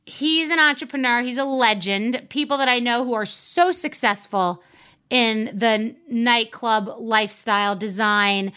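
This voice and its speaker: A woman hosting a podcast, telling a story casually with a bright, clear tone that sits a little high. She jokes and mocks herself with lively energy. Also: unhurried. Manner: animated, joking, self-mocking. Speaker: podcast host.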